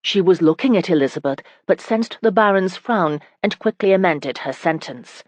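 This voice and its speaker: A woman reading a romance audiobook in calm, even storytelling. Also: lowish voice, moderate pace, few pauses, no room sound. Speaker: audiobook narrator. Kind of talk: scripted audiobook narration.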